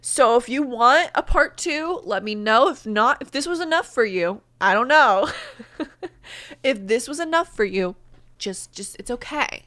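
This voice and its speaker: A woman's voice: fairly high pitch, lively intonation, a little slow, fairly bright tone, no room sound. A woman YouTuber reading a story aloud and breaking off for self-mocking asides.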